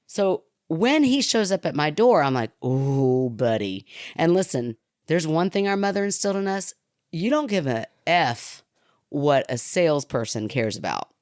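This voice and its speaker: Animated Kentucky woman telling a story. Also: fairly low pitch, moderate pace, dry recording, studio quality. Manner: animated, laughing, acts out quotes. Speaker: podcast co-host. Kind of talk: casual storytelling chat.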